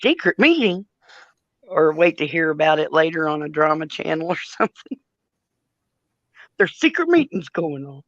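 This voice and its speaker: A woman's voice: sits low, lively intonation, moderate pace, long pauses, no echo, muffled recording. A woman, telling stories in casual chat and laughing often as she acts out quotes. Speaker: live stream co-host.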